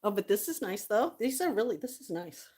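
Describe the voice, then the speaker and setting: A woman's voice: medium pitch, big pitch swings, fairly quick, a little mellow. A woman vlogger chatting casually to the camera, tearful at times and laughing often between lines.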